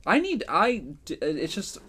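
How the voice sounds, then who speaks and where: A man's voice: high-pitched, wildly swooping pitch, measured pace, crowd noise. A young man co-hosting a podcast, talking in a casual, rambling and reflective way, full of fillers and restarts. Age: young adult. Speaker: podcast co-host. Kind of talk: casual chat.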